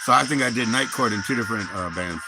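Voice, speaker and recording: A man's voice: on the low side, fast talker, music in the background. A man hosting a livestream, chatting casually in a rambling, profane, laid-back way. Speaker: livestream host.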